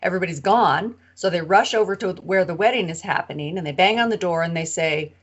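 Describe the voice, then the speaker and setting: A woman co-hosting a podcast, retelling a parable in an animated, casual way. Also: on the low side, fast talker, few pauses, slightly rough, lo-fi sound. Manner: animated retelling with acted-out quotes. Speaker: co-host of a Bible study podcast.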